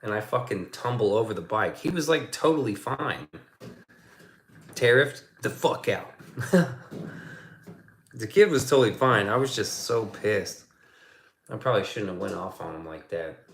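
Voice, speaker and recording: A man's voice: on the low side, lively intonation, a little slow, pauses often, roomy sound. A man chatting casually on his livestream, swearing a lot and rambling through stories. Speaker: streamer.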